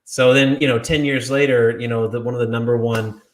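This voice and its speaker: A man in a casual video chat, rambling through animated stories with lots of restarts and laughter. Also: mid-range voice, fairly quick. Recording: roomy echo.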